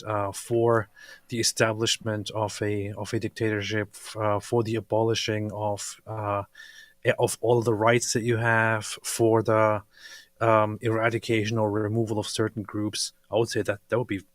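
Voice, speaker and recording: Lower-voiced man, halting casual talk. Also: no echo. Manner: halting, searching for words. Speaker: co-host. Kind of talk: casual livestream chat.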